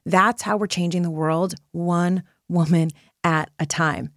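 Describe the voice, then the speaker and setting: A woman's voice: on the low side, fairly even intonation, unhurried, dry recording, clean studio sound. A woman hosting her own motivational podcast, speaking earnestly and encouragingly straight to her listeners as a purpose coach.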